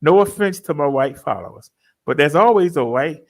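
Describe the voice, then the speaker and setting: A man telling a story to his followers in a casual, joking way, laughing often and switching into high mimicking voices. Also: lively intonation, normal speed. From Baltimore, US. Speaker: fitness vlogger telling a story.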